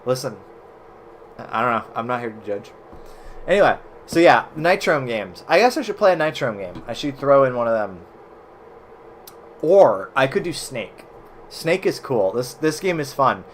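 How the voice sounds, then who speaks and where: American male streamer, mid-pitched, loose chatty game commentary, faint room hum behind. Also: very animated, moderate pace, long pauses. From United States. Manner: chatty, swears casually, reacts loudly to the game. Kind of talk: casual gaming commentary.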